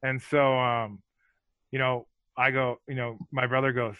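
A man with a smooth, medium-pitched voice talks at normal speed, telling rambling, profane stories in a casual chat. He's animated, packing in filler words and acting out what others said. The audio is dry and poor.

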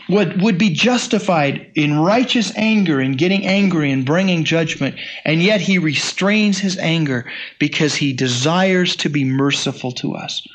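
A man's voice: fairly high pitch, a little slow. A man in his sixties preaching a sermon in a conversational, folksy way, with frequent restarts and asides. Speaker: pastor.

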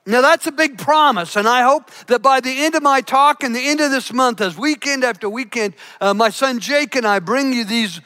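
A middle-aged man preaches with fervor, often repeating and restarting his words. His voice sits high and sounds bright and forceful. The church hall leaves a long reverb behind him. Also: moderate pace, hardly any pauses. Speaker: pastor. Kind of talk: sermon.

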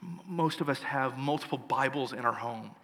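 A man's voice: medium pitch, moderate pace, fairly bright tone, big-room sound. A male pastor preaching a sermon, earnest and emphatic, building his points through lists.

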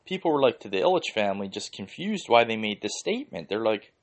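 A man's voice: on the low side, very animated, a little fast, few pauses. A man from Philadelphia hosting a podcast, ranting casually and heatedly with lots of swearing and "like" fillers. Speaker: podcast host.

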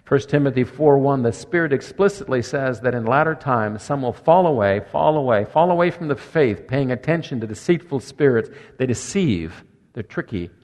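An older man preaching a sermon as pastor, emphatic, with quiet softer asides. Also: medium pitch, expressive, moderate pace. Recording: long echo of a church hall.

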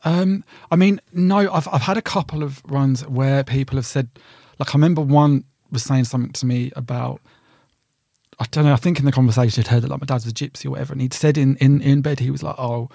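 A man's voice: mid-range voice, fairly even intonation, fast, creaky, dark tone, dry recording, clean studio sound. A young man co-hosting a podcast in casual, rambling chat, easily sidetracked. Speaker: podcast co-host.

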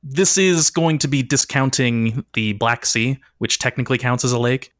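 A man's voice: medium pitch, normal speed, fairly bright tone, no echo, clean studio sound. A man hosting a comedy podcast, reading out facts playfully and laughing often. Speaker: podcast host. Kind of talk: casual comedic chat, presenting facts.

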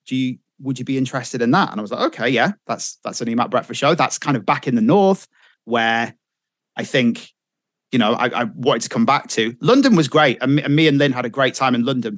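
A man's voice: medium pitch, a bit bright, no room sound. A middle-aged man tells radio anecdotes in easy conversation. He slips into other people's voices when he quotes them. The recording is dry and close, with no room around it. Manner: chatty storyteller, acts out quotes. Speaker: radio presenter guest. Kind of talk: casual interview chat.

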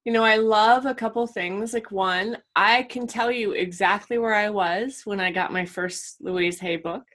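A woman's voice: mid-range voice, fairly even intonation, unhurried, a bit bright. A woman hosting an interview podcast, chatty and responsive in casual conversation. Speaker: podcast host.

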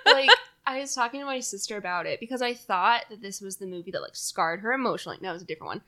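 A woman co-hosting a casual movie podcast, relaxed and giggly, often chiming in with short agreements. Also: medium pitch, rapid-fire. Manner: laid-back, short agreeing replies, giggly. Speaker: podcast co-host. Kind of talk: casual movie review chat.

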